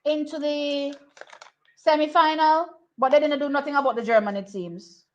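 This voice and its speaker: A young woman giving casual live commentary on a track race, excitable and repeating herself as she thinks aloud. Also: high voice, moderate pace. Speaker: track and field watch-along host. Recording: slightly muffled lo-fi audio.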